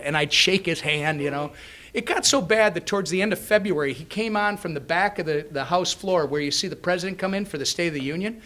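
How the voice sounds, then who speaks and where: A man speaking to a business luncheon as a congressman, telling lively anecdotes and acting out the dialogue. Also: high-pitched, fast talker. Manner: animated storyteller who acts out dialogue. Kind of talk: speech with anecdotes. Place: luncheon event.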